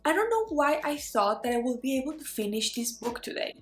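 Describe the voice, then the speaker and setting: Chatty young woman, bright voice, echoey room. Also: high voice, big pitch swings, fairly quick. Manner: chatty, playful, rambling with many "like" fillers. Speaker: book vlogger. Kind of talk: casual vlog chat. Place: bedroom at home. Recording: echoey room with soft music behind.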